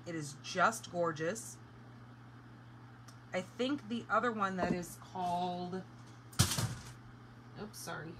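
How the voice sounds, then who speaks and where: A woman's voice: mid-range voice, a bit bright, a little hiss or hum, low-quality recording. A woman hosting a live craft tutorial, chatting casually and explaining each step as she works. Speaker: craft demonstrator.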